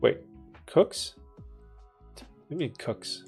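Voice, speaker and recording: A young man from Canada hosting a casual livestream, reading chat and joking, laid-back with loud bursts of laughter and swearing. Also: slow pace, faint music behind. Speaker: livestream host answering chat.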